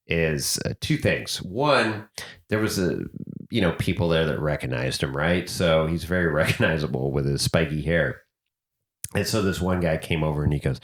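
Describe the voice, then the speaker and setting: A man's voice: low-pitched, echoey room. A man hosting a podcast, casually telling a road trip story and acting out the voices of people he quotes. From United States. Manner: animated, acts out quoted voices. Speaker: podcast host.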